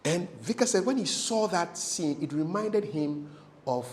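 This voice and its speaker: A middle-aged man talks like a seasoned TV presenter coaching others on how to interview. His voice sits fairly high for a man and moves a lot, rising and falling as he tells stories. He repeats key phrases for emphasis and laughs easily. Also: expressive, unhurried, darkish tone, a little hiss or hum. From Ghana. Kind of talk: casual advice talk.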